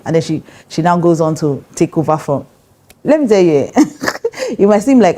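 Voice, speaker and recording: A middle-aged woman pastor with a Nigerian English accent gives a conversational teaching on marriage, direct and emphatic, laughing often. Her voice is deep and warm, and she speaks a little fast.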